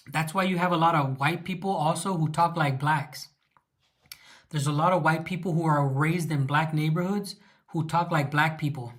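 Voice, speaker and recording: A man from California hosting a casual livestream, rambling with many fillers as he reacts to viewer comments. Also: a little high. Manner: rambling, many fillers, reads chat aloud. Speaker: livestream host.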